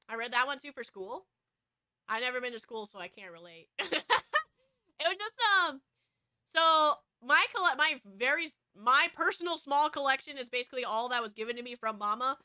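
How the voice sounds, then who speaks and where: A woman streamer with an American West Coast accent chats casually and rambles from thought to thought. Her voice is high and very bright, with a smooth, clean tone. It is recorded close and dry. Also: normal speed, no room sound. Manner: rambling, with frequent fillers and restarts. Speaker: VTuber streamer. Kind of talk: casual chat.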